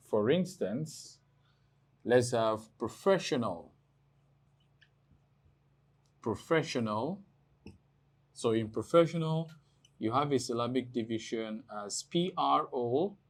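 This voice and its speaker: In a mid-range voice, a man from Nigeria teaches an exam prep English lesson, slowly explaining and spelling words letter by letter as an English tutor.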